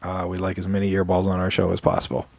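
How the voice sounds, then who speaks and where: A man co-hosting a podcast in relaxed, casual chat, laughing often and reading out show plugs. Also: sits low, fast, gravelly, no room sound. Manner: easygoing, laughs often, fillers and restarts. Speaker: podcast co-host.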